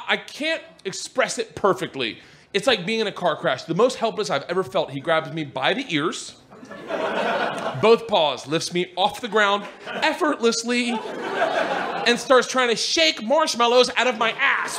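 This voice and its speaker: A man, a stand-up comedian, animatedly telling a story to a live audience and acting out the other people's voices, shouting at the peaks. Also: high-pitched, animated, a little slow. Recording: live stage recording with loud audience laughter. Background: audience laughter and noise.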